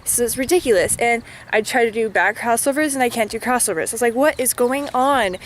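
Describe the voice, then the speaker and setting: A woman's voice: fairly high pitch, fairly quick, a little hiss or hum. A woman vlogging in a casual chat, talking in a chatty, filler-heavy way and venting her frustration.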